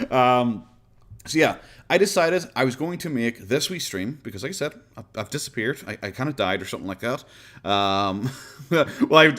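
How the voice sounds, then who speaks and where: An Irish man chatting on a live stream, rambling from one thought to the next. His voice sits at a middle pitch, and his tone is sarcastic and loose. He laughs easily as he talks. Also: fairly bright tone. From Ireland. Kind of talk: casual live-stream chat.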